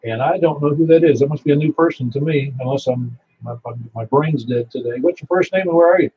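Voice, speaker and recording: A man leads a friendly amateur radio net, swapping stories and laughing easily. His voice sits a little high and sounds husky. It comes through a dull, lo-fi radio signal. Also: quick pace. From Niagara Falls, New York. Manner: chatty, storytelling, laughs easily. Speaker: net control operator. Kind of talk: ham radio net chat. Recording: muffled lo-fi radio audio.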